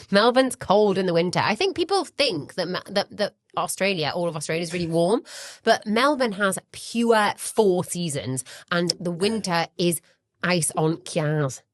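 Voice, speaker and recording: A woman's voice: fairly low pitch, expressive, moderate pace, no room sound, clean studio sound. A woman co-hosting a casual podcast chat, playful and teasing, laughing often and calling her partner pet names. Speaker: podcast co-host. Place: home in Melbourne.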